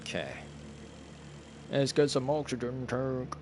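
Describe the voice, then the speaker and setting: This gameplay streamer, a young man, chats casually to himself as he plays, often puzzled and swearing softly. His medium-pitched voice is steady and slow, with background noise in the recording.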